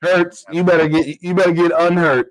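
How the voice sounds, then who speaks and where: A man's voice: fairly high pitch, steady tone, moderate pace, no room sound. A man co-hosting a casual sports podcast, gloating and mocking the rival team's fans in loose slang. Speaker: podcast co-host.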